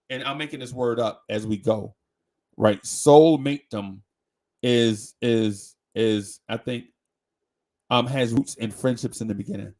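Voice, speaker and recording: A man hosting a live talk show, chatting casually in slang, with lots of restarts and repeated words. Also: mid-range voice. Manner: slangy, conversational, asks "right?".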